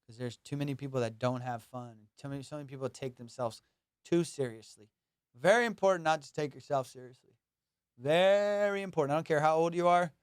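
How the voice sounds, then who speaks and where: On his own comedy podcast, a young man talks at a quick pace, loose and joking, drifting between thoughts because he's high on cannabis. The voice is smooth, resonant, and mid-pitched, and the recording is close and dry, with no echo or room sound.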